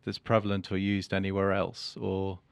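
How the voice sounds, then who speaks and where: A man's voice: deep voice, completely flat delivery, normal speed, creaky, smooth, no echo. A man being interviewed as an author, talking casually and hesitantly, with many restarts and fillers. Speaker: author and guest.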